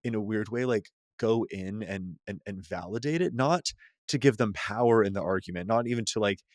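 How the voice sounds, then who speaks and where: A man, a psychotherapist, talking loosely in a podcast conversation, full of "like" and restarts and quick to laugh. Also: lowish voice, dry recording, studio quality. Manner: loose and rambling, heavy use of "like" and restarts, laughs easily. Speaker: psychotherapist guest.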